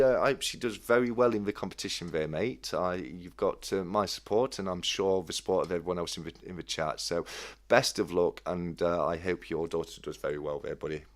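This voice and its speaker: A man hosting a casual live-stream chat, reading out viewer comments in a friendly, halting way with many restarts. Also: low voice. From United Kingdom. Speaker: livestream host.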